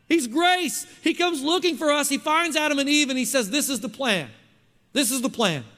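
A man preaches in a very high, bright voice, pressing his points home and throwing questions out to the congregation. His words ring out with a long reverb, as in a church hall. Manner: emphatic, keeps asking the congregation questions. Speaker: pastor. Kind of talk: sermon.

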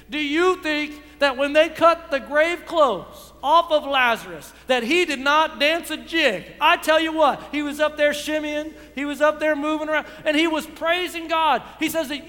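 A man pastor preaching a lively sermon in church, acting out dialogue and building to shouts. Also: very high voice, a little slow, few pauses, big-room sound. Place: church sanctuary.

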